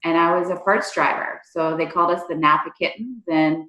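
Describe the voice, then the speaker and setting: A woman's voice: fairly low pitch, brisk, pushed and bright, lo-fi sound. A woman in her forties, a district manager and trainer, talking casually in a rambling way with many fillers. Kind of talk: casual interview chat. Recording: echoey room.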